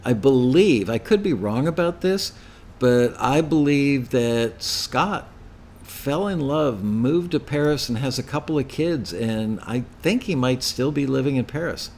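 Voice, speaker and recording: A man's voice: medium pitch, expressive, unhurried, a little mellow, slight background noise. An older man hosting a live question-and-answer show, answering chat questions with rambling, anecdotal stories. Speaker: host.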